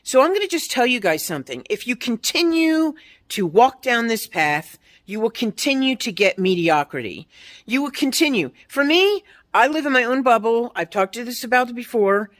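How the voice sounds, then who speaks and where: A woman vlogger in her fifties rants bluntly and profanely to camera, mocking other people's replies in quoted voices. Her fairly high voice is very animated and moves at a moderate pace.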